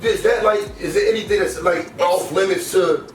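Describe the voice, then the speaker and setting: A man's voice: high voice, a little fast. An older man in casual chat, telling stories with lots of swearing and acted-out quotes. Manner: profane, animated storytelling with acted-out quotes. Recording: echoey room, distant mic, noisy.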